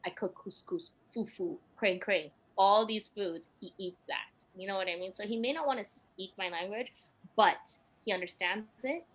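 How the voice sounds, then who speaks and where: A woman's voice: medium pitch, normal speed, fairly bright tone, rough recording. A young woman and podcast guest telling personal stories in casual chat, emotional and laughing often.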